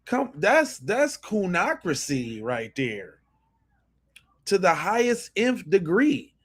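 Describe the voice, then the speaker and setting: A man's voice: high voice, huge pitch swings, slow, breathy edge. Blunt, profane male podcast host. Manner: blunt, profane, repeats and restarts phrases. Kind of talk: commentary on played video clips.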